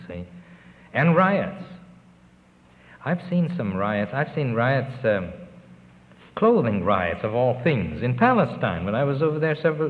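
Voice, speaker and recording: An older man, a relief worker, telling earnest, rambling stories of his work abroad in a recorded interview. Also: medium pitch. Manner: rambling, earnest storytelling with pauses. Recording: tinny, lo-fi tape with long reverb.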